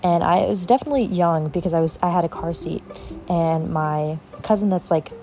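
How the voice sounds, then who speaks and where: Young woman venting about family, lots of likes and ums, kinda low warm voice. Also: moderate pace, faint music behind. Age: young adult. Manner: rambling, filler-heavy, swears casually. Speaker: podcast host. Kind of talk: casual personal storytelling.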